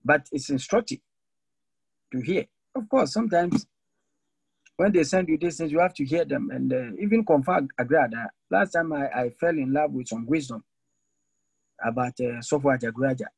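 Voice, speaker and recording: Husky-voiced man preaching with fervor. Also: moderate pace, no room sound, rough recording. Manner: animated preaching with sudden drops to low emphatic lines. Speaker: Methodist preacher. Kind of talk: sermon.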